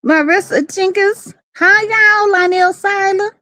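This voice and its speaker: A woman's voice: extremely high pitch, slow pace, sharp tone, no echo, clean studio sound. A woman in casual live-stream chat, sassy and playful, teasing and greeting viewers by name.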